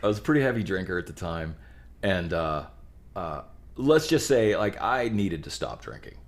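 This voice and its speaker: Deep, low male voice, podcast guest musician from the Pittsburgh area, rambling, animated stories. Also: normal speed. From Pittsburgh area, USA. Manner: animated storytelling, rambling restarts. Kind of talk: casual chat.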